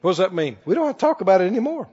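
A man preaching a sermon in an animated, conversational way to a church congregation. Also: high voice, racing, slightly rough. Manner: animated, conversational, acts out quoted voices. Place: church hall. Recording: dull recording with long hall reverb.

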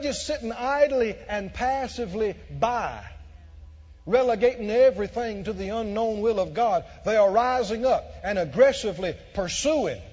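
A high-pitched man delivering an emphatic sermon, piling up repeated phrases and rising to shouts. His voice is husky, and the recording is muffled, with a long reverb from a large hall. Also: animated, normal speed. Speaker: preacher.

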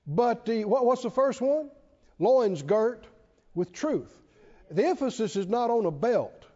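A man's voice: very high-pitched, sing-song, a little slow, mellow. A man preaching a sermon to a congregation, emphatic and repetitive, often asking the listeners questions. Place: church. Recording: dull, lo-fi church hall reverb.

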